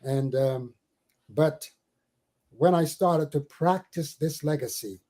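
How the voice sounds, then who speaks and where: An older man from the Caribbean islands, a spiritual teacher telling stories in an interview, given to slow, theatrical recitation with big swells and drops. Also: fairly high pitch, dark tone, low-quality recording. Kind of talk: storytelling and dramatic poetry recital.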